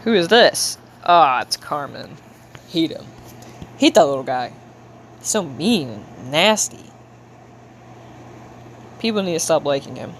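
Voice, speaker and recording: While drawing on a livestream, a young woman chats casually with her viewers, playful and slangy, putting on a show of frustration. Her voice is low and very animated, with a slightly slow pace and long pauses. A faint hiss or hum runs underneath.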